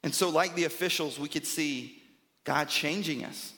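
A man's voice: a little high, normal speed, bright, forceful tone. A man preaching a sermon as a pastor, emphatic and rhythmic, often checking in with "right?". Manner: emphatic, repeats phrases for rhythm, asks "right?".

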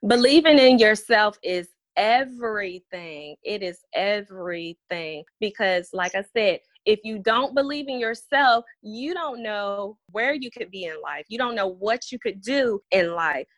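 A woman's voice: a little high, expressive, moderate pace, few pauses, a bit bright, no room sound. A woman in her thirties, a special education teacher, speaking earnestly and reflectively as an interview guest. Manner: earnest, reflective, reads letters aloud. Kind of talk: heartfelt interview talk.

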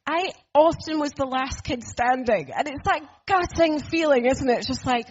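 A woman's voice: sits high, normal speed, few pauses, darkish tone, dull audio. A woman preaching a sermon in a church, earnest and conversational, asking the room questions.

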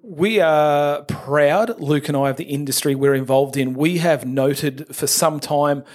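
A man hosting a podcast, running through industry news in an upbeat, brisk way. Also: a little high, a little mellow. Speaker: podcast host. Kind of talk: casual industry news chat.

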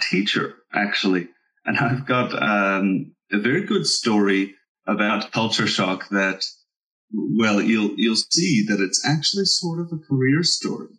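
A man's voice: fairly low pitch, a bit bright, far from the mic, poor audio. A man hosting a conversation who tells a personal story casually, hesitating with fillers.

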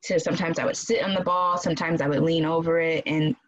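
A woman casually telling a personal story in an animated way, acting out quoted voices and laughing often. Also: sits low, fast, highs cut off. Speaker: guest telling her birth story.

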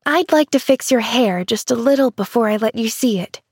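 A woman's voice: a little high, normal speed, a little mellow, husky, no echo, studio quality. A woman voicing a cheerful, eager little girl who gushes breathlessly in a storybook reading. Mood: gushing. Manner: gushing, breathless and exclamatory.

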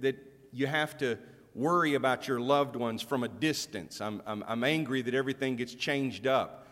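A middle-aged man delivers a sermon in a frank, conversational way, often restarting his sentences and joking about himself. His voice is neither high nor low. The sound lingers in a long hall reverb, as in a church. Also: fairly bright tone. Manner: candid, self-deprecating, conversational preaching with frequent restarts. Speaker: pastor.

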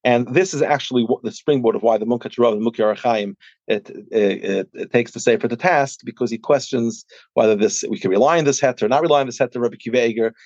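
A man explains a scholarly subject in a casual, halting way, full of restarts and fillers. His voice sits at an ordinary pitch and sounds dry and close. The sound is slightly dull and muffled. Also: darkish tone, no room sound. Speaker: podcast guest discussing a published book.

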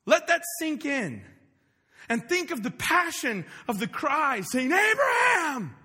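Animated preacher man in a hall. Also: very high-pitched, takes it slowly. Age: adult parent. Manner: animated, casual, shouts acted-out lines. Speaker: pastor. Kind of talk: sermon. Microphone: wearing a microphone.

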